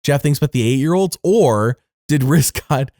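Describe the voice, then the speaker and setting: A young adult man co-hosting a podcast, talking through an episode in a chatty, rambling way and jumping up in pitch for emphasis. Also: animated, normal speed, darkish tone, dry recording, studio quality. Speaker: podcast co-host. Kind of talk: casual recap chat.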